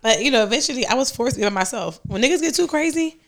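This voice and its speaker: A young woman hosting a podcast, telling loud, laughing stories in casual chat and acting out the people she quotes. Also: a little high, lively intonation, very fast, a little hiss or hum. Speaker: podcast host.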